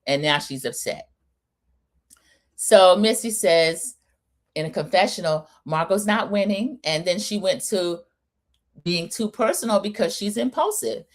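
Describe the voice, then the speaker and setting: A woman's voice: mid-range voice, lively intonation, measured pace. A middle-aged woman hosting a live recap, chatty and scolding, calling her viewers y'all. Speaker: recap show host. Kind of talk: live opinion recap, casual chat.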